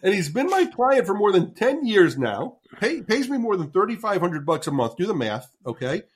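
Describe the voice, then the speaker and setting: Man, 60s, podcast guest, storytelling, somewhat high voice, animated, stumbles over words, casual swearing. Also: normal speed, breathy edge. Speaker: guest, marketing consultant.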